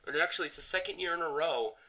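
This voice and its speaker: A man's voice: a little high, rapid-fire, husky. A man hosting a casual podcast, trading jokes and league stats with his co-host. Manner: relaxed, joking, stat-reading banter.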